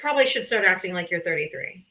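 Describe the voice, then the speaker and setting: A woman's voice: lowish voice, expressive, fast, bright, forceful tone, poor audio. A woman hosting a live political debate stream, blunt and mocking, with a theatrical streak. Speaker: debate host.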